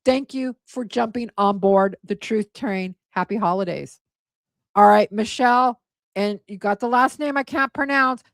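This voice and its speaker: A tired, hoarse woman hosting a casual livestream, thanking her viewers and getting emotional, and stumbling over names. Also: medium pitch, unhurried, no room sound, studio quality. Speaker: livestream host.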